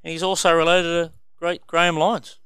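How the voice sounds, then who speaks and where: A man's voice: a little high, little pitch movement, moderate pace, sharp tone, clean tone, no room sound. An Australian man hosting a casual rugby league chat, upbeat and steering the talk, often addressing his panel as boys. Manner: upbeat, keeps calling the panel 'boys'. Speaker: host.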